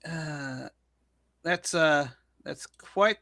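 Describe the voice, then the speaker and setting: A man hosting a casual comedy news show, talking in halting bursts with restarts and chuckles. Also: fairly high pitch, animated, sharp tone, dry recording, studio quality. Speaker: news commentary host.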